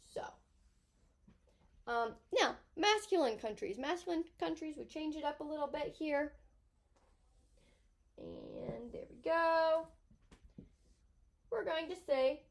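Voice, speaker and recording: High-voiced chatty woman teaching French. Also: a little mellow. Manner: chatty, thinks aloud while writing on a board. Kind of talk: classroom grammar lesson.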